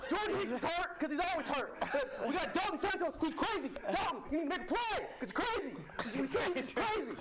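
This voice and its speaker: Man impersonating a high-voiced, rambling coach on a teasing pep-talk bit, loud noise behind. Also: sing-song, a little fast, hardly any pauses. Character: adult male football coach giving a rambling pep talk.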